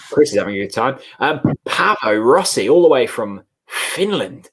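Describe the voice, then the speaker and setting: A man hosts a fan football stream, reading out viewer messages. His voice sits at an ordinary middle pitch. He keeps up light, chatty banter. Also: sing-song, a little slow, fairly bright tone, husky. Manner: chatty, reads out super chats with banter. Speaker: host of a fan watchalong stream.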